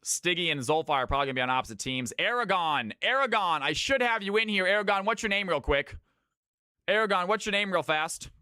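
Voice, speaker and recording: A man from California hosting his stream's viewer games, chatting casually with his viewers, brisk and swearing freely. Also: sits high, lively intonation, bright, forceful tone, clean tone, dry recording, studio quality. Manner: brisk, swears, talks to chat. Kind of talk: casual live-stream chat.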